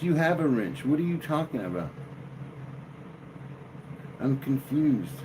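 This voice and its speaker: Slow, drawling male streamer. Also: fairly high pitch, very animated, darkish tone, a little hiss or hum, poor audio. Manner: slow, drawling, jokey banter with chat. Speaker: livestream host. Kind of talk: casual live-stream chat with viewers.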